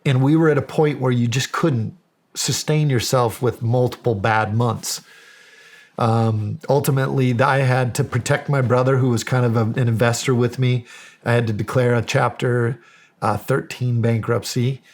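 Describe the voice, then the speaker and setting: A middle-aged American man, a county sheriff appearing as a guest on a podcast interview, tells a story and animatedly acts out the quoted dialogue. His mid-range voice keeps a steady tone at a normal speed.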